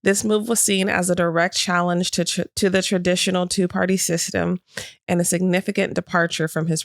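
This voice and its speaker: A woman's voice: on the low side, gravelly, no room sound, clean studio sound. A woman co-hosting a podcast in casual chat, reading out news bits and riffing on them with slang. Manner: chatty, reads news bits then riffs with slang. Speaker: podcast co-host.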